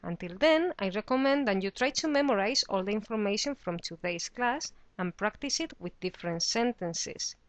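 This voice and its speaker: A woman's voice: medium pitch, lively intonation, moderate pace, few pauses, no room sound. A woman teaching a beginner lesson, explaining patiently and saying the example words with careful pronunciation. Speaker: Spanish teacher. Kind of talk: slow, clear teaching explanation.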